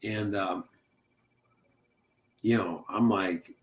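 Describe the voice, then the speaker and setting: A man's voice: lowish voice, steady tone, extremely slow. A man co-hosting a podcast, sharing a faith testimony in a folksy, emphatic, rambling way. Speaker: podcast co-host. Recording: slightly muffled audio.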